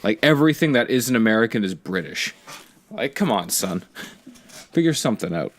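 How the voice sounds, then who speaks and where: A man's voice: lowish voice, very animated, moderate pace. A man co-hosting a podcast, ranting sarcastically and swearing in casual chat. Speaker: podcast co-host.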